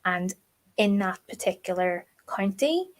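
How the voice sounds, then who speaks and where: A middle-aged woman in casual true crime conversation, mid-pitched and talkative. She drifts into long, emphatic stories and keeps tossing in fillers as she goes. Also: expressive, a little slow. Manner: chatty, emphatic storytelling with many fillers. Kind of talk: casual chat.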